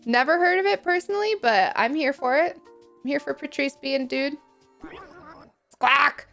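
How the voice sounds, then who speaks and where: A woman's voice: sits high, moderate pace, fairly bright tone, faint music behind. A young woman streamer chatting casually while playing a game, in a chatty, self-deprecating, giggly way. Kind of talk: casual gameplay chat.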